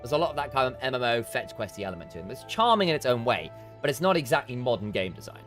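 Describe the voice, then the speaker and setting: Chatty streamer man with lively pitch. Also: quick pace, soft background music. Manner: rambling, chatty, self-interrupting. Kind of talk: let's play commentary.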